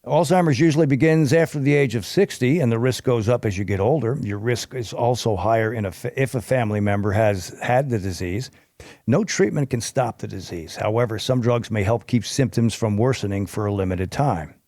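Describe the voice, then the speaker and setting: A man hosts a podcast and reads through health facts from his notes, breaking off now and then for a casual aside. He trips over the harder terms from time to time. His voice sounds close and dry, at a middle pitch. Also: brisk, darkish tone, no room sound. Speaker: podcast host. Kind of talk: reading health information aloud.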